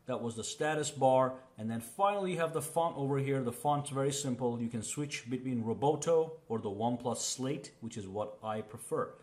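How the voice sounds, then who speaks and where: A man giving a relaxed, chatty walkthrough of phone settings, often checking in with "okay?". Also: medium pitch. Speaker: tech reviewer. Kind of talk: casual screen walkthrough.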